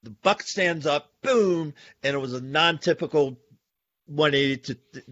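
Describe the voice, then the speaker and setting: A podcast host animatedly tells stories in casual conversation, calling his listeners "folks." His voice is on the high side, fairly bright, and unhurried, and the dry recording has a dull lo-fi sound.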